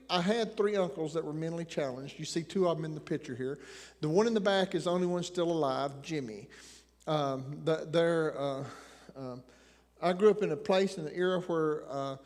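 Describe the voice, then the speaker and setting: High-voiced Appalachian preacher in a hall. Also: male voice. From Tennessee mountains, Appalachia. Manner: folksy, joking, rambling asides. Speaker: pastor. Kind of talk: sermon. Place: church sanctuary. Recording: long reverb of a church hall.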